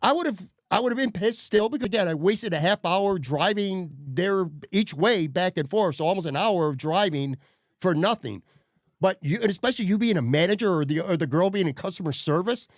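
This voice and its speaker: A man's voice: sits high, no echo, studio quality. A man hosting a podcast, telling a story in a profane, worked-up way. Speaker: podcast host. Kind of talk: casual podcast rant.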